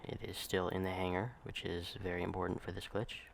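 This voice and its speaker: A man with a deep, gravelly voice talks through a game step by step in a relaxed, explanatory way, pausing often on ums and uhs. A faint hum sits under his voice. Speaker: gameplay narrator. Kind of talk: casual gameplay walkthrough.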